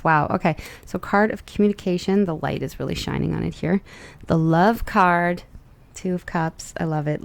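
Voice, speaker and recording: A woman's voice: fairly low pitch, vocal fry, dark tone. A young adult woman giving a casual, chatty tarot reading, upbeat and rambling with plenty of fillers. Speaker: tarot reader.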